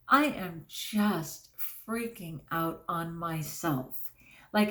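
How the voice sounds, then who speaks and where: Earnest woman teacher vlogging candidly. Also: lowish voice. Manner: earnest, candid, self-deprecating, with frequent fillers. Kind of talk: casual personal vlog monologue.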